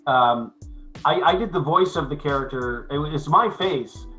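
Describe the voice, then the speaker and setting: A man's voice: on the high side, pushed and bright, faint music behind, rough recording. An older man, an actor, chatting as a guest in an interview, with many restarts and fillers. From United States. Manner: halting, many restarts and fillers, then clear and measured. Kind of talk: casual interview chat.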